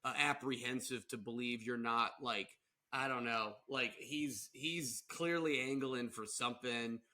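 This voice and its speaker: A man's voice: mid-range voice, fairly even intonation, a little slow, pushed and bright. A man co-hosting a podcast in casual, rambling chat, often breaking into silly put-on voices. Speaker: podcast co-host.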